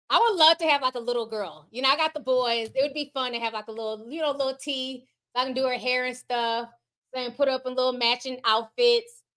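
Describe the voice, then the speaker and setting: Chatty bright-voiced woman host. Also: high-pitched. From United States. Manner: chatty, laughs often, slangy asides. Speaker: livestream host reading super chats. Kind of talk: casual livestream chat.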